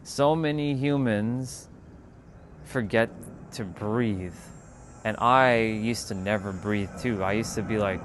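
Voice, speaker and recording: A man hosting a casual spiritual livestream, talking in a calm, unhurried way that turns loose and profane at times. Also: lowish voice, a little hiss or hum. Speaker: livestream host.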